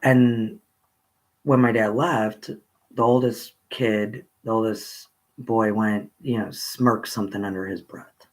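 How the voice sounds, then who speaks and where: A man casually telling a personal childhood story, rambling with pauses and restarts. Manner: rambling, with pauses and restarts, rising pitch when excited.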